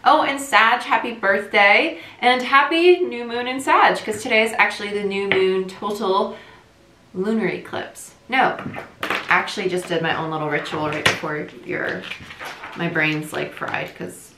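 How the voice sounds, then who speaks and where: A young woman from New Jersey giving a casual tarot reading, talking quickly in a chatty, rambling way. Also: mid-range voice, background noise. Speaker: tarot reader. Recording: echoey room.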